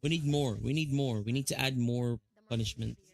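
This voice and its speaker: A man's voice: medium pitch, steady tone, moderate pace, vocal fry. A man with a Filipino accent chatting casually on a live stream, rambling with lots of fillers and restarts.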